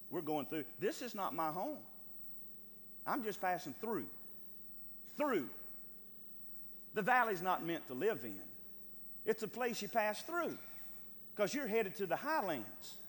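A man preaching a sermon as pastor, emphatic and calling for amens, moving between loud urging and hushed, quiet lines. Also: high-pitched, in a large hall, a little hiss or hum.

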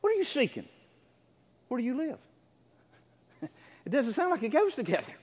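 A man preaching a sermon as pastor of his church, emphatic and building to near shouts. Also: very high voice, wildly swooping pitch, normal speed, breathy edge. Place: church sanctuary. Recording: long church reverb.

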